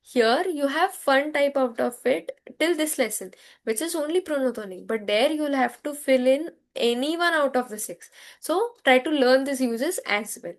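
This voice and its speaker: A woman with an Indian English accent teaching a French grammar lesson, drilling words slowly and having students repeat after her. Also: sits high, expressive. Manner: slow, repetitive drilling with call-and-response.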